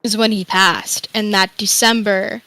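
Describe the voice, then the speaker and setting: A woman's voice: medium pitch, steady tone, a little slow, pushed and bright, dry recording, rough recording. A young woman guest telling a candid, rambling personal story, sometimes swearing. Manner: rambling, emotional, swears freely. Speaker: interview guest.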